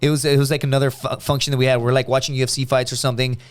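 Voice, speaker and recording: A man guest on a podcast, telling stories in a casual, animated and profane way, acting out other people's lines. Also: mid-range voice, racing, smooth. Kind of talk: casual storytelling chat.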